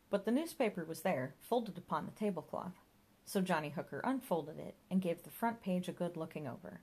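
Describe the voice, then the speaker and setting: A woman's voice: sits low, expressive, moderate pace, a little mellow, slightly rough. A woman narrating a comic audiobook in a dry storytelling manner.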